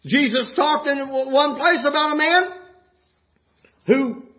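A man preaching a sermon with passion, rising to shouts and dropping low. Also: slow, dull audio.

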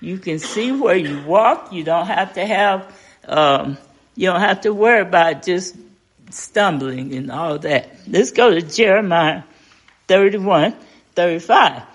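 A woman's voice: lowish voice, expressive, unhurried. An older woman leading an informal Bible study, talking in a folksy, conversational way and asking the group questions.

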